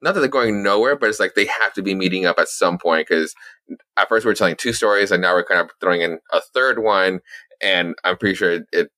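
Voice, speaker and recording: A young man chatting casually about comics on a podcast, rambling and full of fillers and cursing. His voice sits fairly low but comes across bright and forceful. The sound is dry and close. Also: fast, no echo. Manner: rambling, swears a lot, many fillers and restarts. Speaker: podcast co-host. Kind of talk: casual comic book chat.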